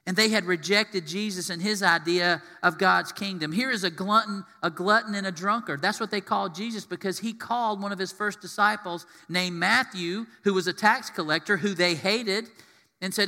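Brief: male pastor, animated sermon, high bright voice, long hall reverb. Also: normal speed. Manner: animated, acts out quotes in voices.

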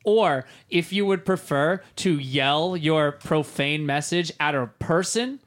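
A man's voice: a little high, takes it slowly, a bit bright. A man co-hosting a podcast in casual chat, joking and laughing often. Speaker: podcast co-host.

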